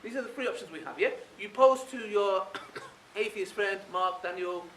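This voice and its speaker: A man lecturing a live audience in a high, bright voice, full of rhetorical questions. He sounds distant from the mic in an echoey hall, with faint noise behind him. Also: moderate pace. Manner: animated, keeps asking rhetorical questions with a tag "yeah?". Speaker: Islamic speaker addressing an audience.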